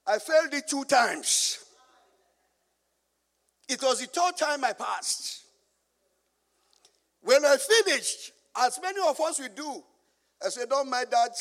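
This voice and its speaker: A man's voice: very high voice, animated, slow pace, pauses often, fairly bright tone, long reverb tail. A man with a Nigerian accent preaching a sermon, drawing answers from the congregation and telling humorous stories. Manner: call-and-response preaching, asking the congregation to finish his lines; storytelling with humor. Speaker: pastor.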